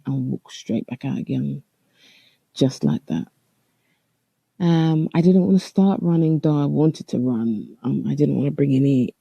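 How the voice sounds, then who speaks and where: Man podcast host, gravelly voice, halting reflective storyteller. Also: medium pitch, warm tone, dry recording. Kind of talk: storytelling monologue.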